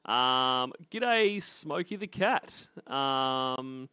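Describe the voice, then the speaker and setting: A man's voice: medium pitch, lively intonation, extremely slow, bright, forceful tone, smooth, no room sound. A man with an Australian accent hosting a livestream, rambling and mocking and swearing freely as he comments. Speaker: livestream host. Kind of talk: casual commentary. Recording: dry, slightly muffled audio.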